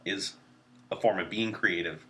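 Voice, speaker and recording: A Canadian man with a nasal voice, co-hosting a casual podcast. His tone is fairly low yet bright and forward. He talks in a chatty, joking way. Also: measured pace, a little hiss or hum. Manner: joking, chatty, laughs often. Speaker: podcast co-host. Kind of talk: casual chat.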